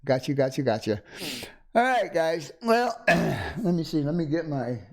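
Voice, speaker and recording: A middle-aged man hosts a casual home livestream, sitting close to a desk condenser microphone, greeting viewers by name and chuckling often. His voice is on the high side and sing-song, a little slow.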